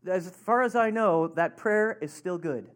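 A pastor preaching a sermon in a relaxed, conversational way, rambling into stories and laughing along. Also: medium pitch, a little slow.

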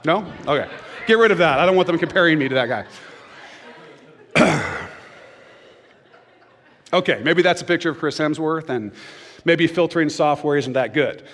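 Joking pastor in a reverberant church. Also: male voice, fairly high pitch, moderate pace, pauses often, fairly bright tone. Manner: joking, conversational preaching. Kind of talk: sermon. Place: church stage.

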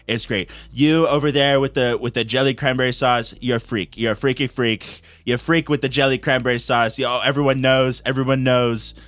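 A man's voice: mid-range voice, a bit bright, no room sound, pitched below the performer's own voice, lightly acted. A man doing a blustering, boastful politician impression in a Brooklyn accent, piling up superlatives and repeating himself. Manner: bragging, repetitive superlatives.

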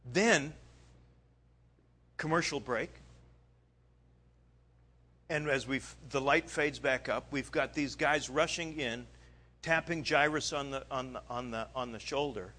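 A male preacher retelling a story in a sermon, animated, swinging between loud bursts and quiet asides. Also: medium pitch, slow, long pauses.

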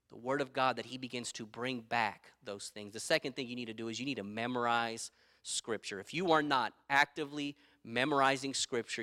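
A man's voice: mid-range voice, bright, forceful tone. A middle-aged man preaching a sermon as pastor, emphatic and repeating his key phrases, with stories from his own life.

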